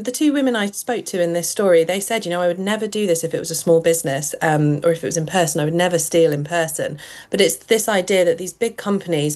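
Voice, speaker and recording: A woman, a journalist, explaining her reporting in a measured radio discussion with frequent ums. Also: on the low side, a little mellow. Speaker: journalist guest.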